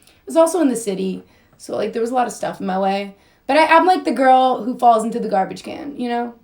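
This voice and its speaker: A woman's voice: fairly high pitch, animated, quick pace, a little mellow. Rambling young woman chatting through makeup. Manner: rambling, goofy, sing-song, laughing often. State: strained voice. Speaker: model and influencer. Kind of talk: casual live-stream chat while doing makeup.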